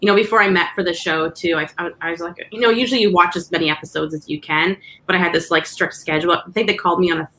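A woman's voice: fairly low pitch, steady tone, very fast, few pauses, pushed and bright. A woman, a director guest, talking casually and enthusiastically on a panel, laughing as she speaks.

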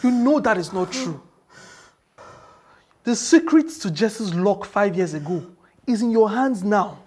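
A husky, stern charm healer. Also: female voice, medium pitch, lively intonation, unhurried, darkish tone. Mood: firm. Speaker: spiritual healer who works charms.

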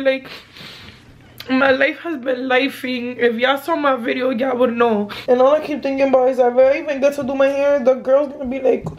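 A woman's voice: sits high, steady tone, normal speed. A young woman vlogging casually from her bedroom, chatty and slangy, talking straight to her viewers. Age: young adult. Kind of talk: casual vlog chat to camera. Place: bedroom at home.

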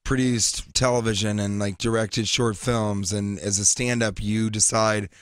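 Rambling animated comedian on radio. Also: male voice, on the low side, a little slow, clear, resonant tone, no room sound, studio quality. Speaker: comedian guest. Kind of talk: casual radio interview. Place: radio studio.

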